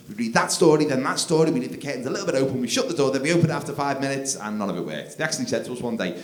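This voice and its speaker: A man doing live stand-up comedy on a theatre stage, swinging from mumbled asides to shouted outbursts. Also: mid-range voice, big pitch swings, fast talker, a little hiss or hum. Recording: roomy live theatre recording with crowd. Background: laughing audience.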